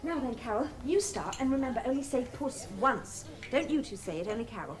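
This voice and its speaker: A woman's voice: a little high, sing-song, a little fast, crowd noise. An actress playing an earnest, dreamy young woman running a party game in a televised stage drama. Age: young adult. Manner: eager, bossy, reflective.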